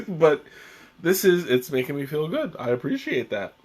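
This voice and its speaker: A man's voice: on the high side, big pitch swings, moderate pace, a little mellow, slightly rough. A young man hosting a live tea tasting stream, chatting casually in a rambling way with restarts and chuckles.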